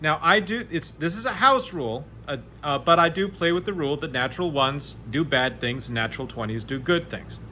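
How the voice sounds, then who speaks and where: Bright chatty guy running a solo rpg, slight hiss behind. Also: a little high, fairly quick, hardly any pauses. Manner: animated, chatty, rolls dice aloud. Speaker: game master playing solo. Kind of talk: solo tabletop game narration.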